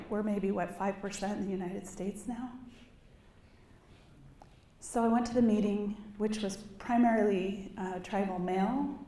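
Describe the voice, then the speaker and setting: A woman's voice: mid-range voice, warm tone, a little hiss or hum. Impassioned woman speaking in an echoey hall. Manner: earnest, rising to impassioned. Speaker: keynote speaker. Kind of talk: personal storytelling speech. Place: large conference hall. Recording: echoey hall, distant mic, faint ambience.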